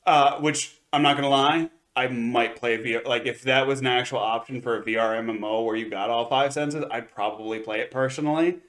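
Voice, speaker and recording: A man's voice: medium pitch, fairly even intonation, fairly quick, hardly any pauses, a bit bright. A man co-hosting an anime review podcast, recapping an episode in a rambling way, with many fillers and restarts. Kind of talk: casual review chat.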